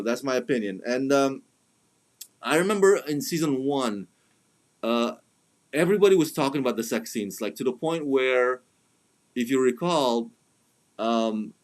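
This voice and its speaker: A man giving a casual spoken review, talking in a chatty way with many fillers and restarts, and putting on mocking voices when he quotes others. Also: medium pitch. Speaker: film reviewer.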